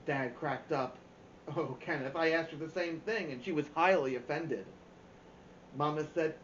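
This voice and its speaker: A man's voice: fairly high pitch, unhurried, fairly bright tone, echoey room, highs cut off, a little hiss or hum. A man reading a novel aloud for a storytime show, giving the characters' quoted lines their own voices. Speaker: storytime reader.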